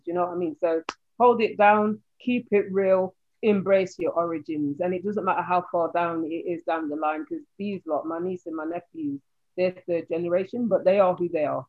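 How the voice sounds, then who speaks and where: A woman sociologist joins a podcast panel as a guest and speaks with animated emphasis. Her talk is full of fillers. Her voice comes through a narrow, phone-like line. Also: lowish voice, normal speed. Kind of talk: casual panel chat.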